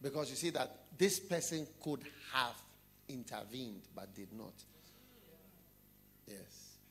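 With a slow, animated delivery, a man preaches and tells a story, often turning low and quiet as he asks the listeners questions. A little hiss or hum sits in the recording.

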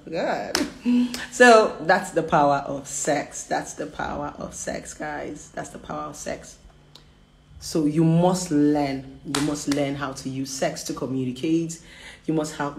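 Frank, lively woman. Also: deep voice, unhurried, reverberant, a little hiss or hum. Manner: animated, laughing, candid and teasing. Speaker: relationship coach. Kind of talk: frank casual vlog talk.

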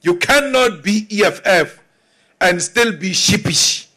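A high-pitched man with a South African accent delivers a rally speech at an unhurried, deliberate pace. His oratory is defiant and emphatic, driving points home through repetition. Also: lively intonation, bright, forceful tone. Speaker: political speaker.

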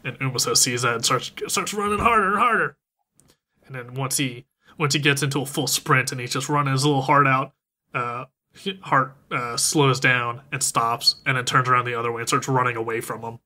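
A man's voice: medium pitch, level tone, brisk, bright, forceful tone. A man co-hosting a podcast, casually retelling a movie's plot and acting out the characters' lines. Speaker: podcast co-host recapping a film. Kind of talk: casual chat.

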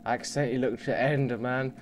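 A young man commentating on his game at home, muttering and swearing, with sudden loud yells. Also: medium pitch, steady tone, fast talker, slight background noise. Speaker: let's play gamer. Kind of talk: casual gameplay commentary. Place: home computer desk. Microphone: desk mic under the monitor.

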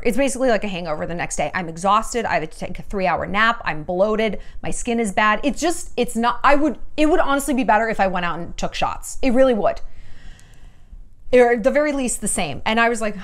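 A woman in her thirties vlogging relationship advice straight to camera. Her voice sits high and swoops all over the place as she acts out her own quoted lines. She is frank and swears freely. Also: animated, moderate pace. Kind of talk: candid talking-head vlog.

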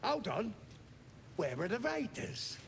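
An actor playing a gruff male goblin gatekeeper in a video game, with a gravelly, suspicious manner. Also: sits high, sing-song, slow, a little hiss or hum, full character voice.

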